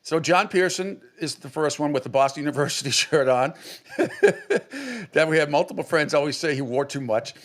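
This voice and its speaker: A middle-aged New England man who hosts sports radio tells a rambling story, restarting often and acting out quotes. His voice is a little high, brisk, and slightly bright, suited to casual storytelling.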